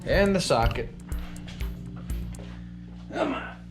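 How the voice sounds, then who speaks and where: A woman's voice: very deep voice, animated, drawn-out words, music in the background. A woman hosting a repair vlog, muttering and swearing in frustration as she works in a hot garage. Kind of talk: casual hands-on repair vlog.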